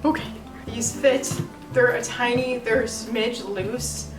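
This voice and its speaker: A young woman vlogging casually in her bedroom, gushing and excitable as she unboxes and tries on shoes. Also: a little high, slow, over music, low-quality recording.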